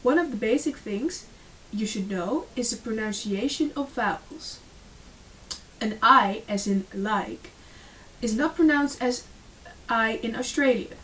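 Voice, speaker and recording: A woman's voice: fairly high pitch, a little slow, a bit bright. A woman reading a school presentation aloud, with frequent fillers and small restarts. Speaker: student presenter. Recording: distant mic with faint hiss.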